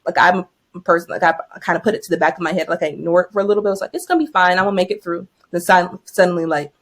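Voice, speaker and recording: A woman's voice: on the low side, steady tone, racing. A young woman co-hosting a podcast, telling stories in a casual, chatty way and laughing often. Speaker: podcast co-host. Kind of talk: casual chat.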